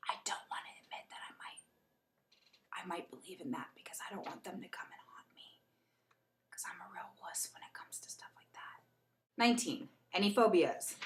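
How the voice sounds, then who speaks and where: A young woman chatting casually in a get-to-know-me vlog, animated and laughing as she tells a story. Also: lowish voice. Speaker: beauty vlogger. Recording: echoey room.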